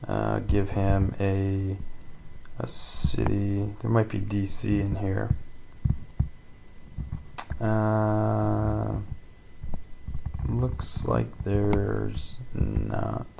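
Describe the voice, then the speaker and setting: A man teaching a casual screen-recorded tutorial, rambling with many pauses and ums. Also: on the low side, creaky, background noise.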